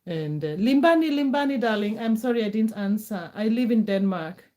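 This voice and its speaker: A woman's voice: a little high, animated, moderate pace, dark tone. A middle-aged woman from Kenya, chatting casually on a live stream, answering viewers' comments in a reassuring way and repeating her words.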